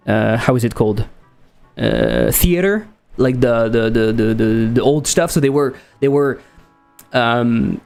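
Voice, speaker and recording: A man from France with a French accent, talking with his chat in a rambling, animated way. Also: on the high side. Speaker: game developer streamer. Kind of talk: casual live-stream chat.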